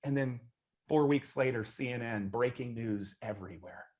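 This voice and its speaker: A man of middle pitch hosts an interview. He talks casually and earnestly and keeps restarting his phrases as he goes. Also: normal speed, a little mellow. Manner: earnest, loose with frequent restarts. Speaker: host.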